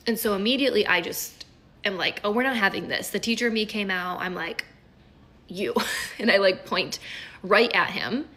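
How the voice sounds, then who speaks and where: A woman in her thirties chats through a personal story in a casual storytime style. She is animated and quick, with plenty of asides and fillers. Her voice sits at an ordinary middle pitch. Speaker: kindergarten teacher and mother telling a story.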